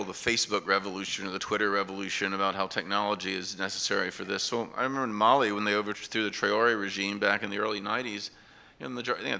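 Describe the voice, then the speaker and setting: A man's voice: fairly low pitch, creaky, bright, forceful tone. A man speaking earnestly on an academic conference panel, building his points with examples. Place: conference hall.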